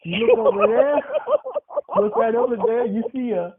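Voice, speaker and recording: A man's voice: very high voice, normal speed, voice pushed up. A man voicing a tough older grandmother who hosts a wildlife show, speaking in a folksy, instructional way. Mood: instructive. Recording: tinny phone-like sound.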